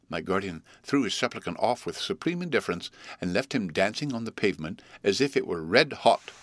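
A man reading a classic novel aloud as narrator, measured and even. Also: fairly low pitch, no echo. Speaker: audiobook narrator. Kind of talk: scripted narration.

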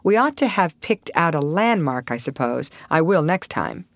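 A woman's voice: sits low, sing-song, normal speed, no echo. Grim, matter-of-fact young man, read by a woman, dry sound. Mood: serious. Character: serious, level-headed young man.

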